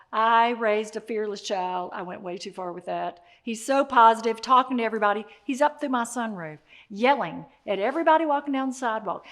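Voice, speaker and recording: A woman with a somewhat high voice delivers a motivational talk. She speaks in an animated way, straight to the listener. She circles back to repeat her key phrases for emphasis.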